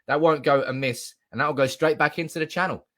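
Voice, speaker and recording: Speaking into a desk mic indoors, a young football fan live streams, chatting with excitement, reading viewer comments out loud and swearing amid bursts of shouting. His voice sits on the high side and his pace is brisk.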